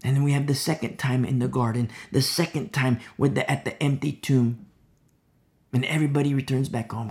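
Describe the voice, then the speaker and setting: A man's voice: medium pitch, fairly even intonation, brisk, a little mellow. A man preaching a conversational sermon, full of fillers and acted-out quotes, at times dropping to a whisper. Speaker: pastor.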